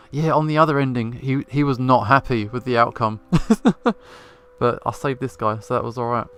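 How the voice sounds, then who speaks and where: A man's voice: mid-range voice, moderate pace, a bit bright, smooth. A man hosting a let's play, giving laid-back, chatty commentary between the game's lines. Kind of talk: gameplay commentary.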